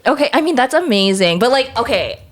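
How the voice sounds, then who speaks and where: A woman's voice: on the high side, big pitch swings, fairly quick. A young adult woman, a podcast guest in casual chat, supportive and asking follow-up questions.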